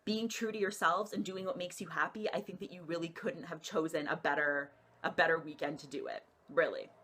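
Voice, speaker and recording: Woman with a bright sharp voice, rambly congrats, keeps saying i think. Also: fairly low pitch, fairly even intonation, fairly quick. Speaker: friend giving a video message. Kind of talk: casual congratulatory chat.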